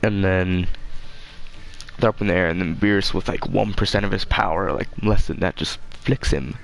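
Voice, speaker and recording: Gravelly low-voiced man rambling casually. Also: steady tone, a little fast. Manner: rambling, swears freely, loses his train of thought. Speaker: channel host.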